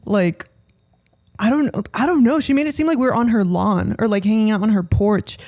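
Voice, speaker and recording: A young woman co-hosting a podcast, chatting in an animated way and interjecting often. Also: mid-range voice, normal speed. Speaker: podcast co-host. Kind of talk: casual chat.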